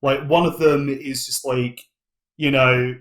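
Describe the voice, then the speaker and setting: A man's voice: mid-range voice, fairly even intonation, takes it slowly. A British man running a comedic tabletop game as game master, narrating in a rambling, playful way. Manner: rambling, playful, full of "basically" and "like".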